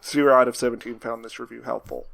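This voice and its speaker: A man with a mid-range voice co-hosting a podcast in relaxed conversation. He delivers his jokes dry and deadpan. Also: medium pitch, quick pace, gravelly. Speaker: podcast co-host. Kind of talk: casual chat.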